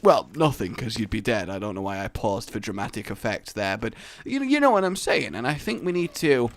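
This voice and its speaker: Animated man rambling over gameplay. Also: on the low side, a little fast, no echo. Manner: rambling, joking tangents. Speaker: gaming channel host. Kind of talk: let's play commentary.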